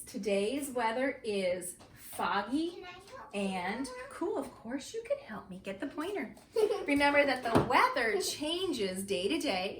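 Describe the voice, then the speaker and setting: A woman teaching young children a morning lesson from her home, speaking slowly and clearly and leading them through chants and counting. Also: fairly high pitch, fairly bright tone, roomy sound, slight background noise.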